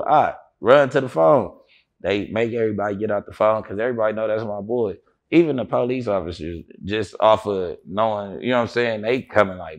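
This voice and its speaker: A man being interviewed, telling a story in an animated way with heavy slang, acting out what others said. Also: fairly low pitch, a little fast. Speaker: interview guest.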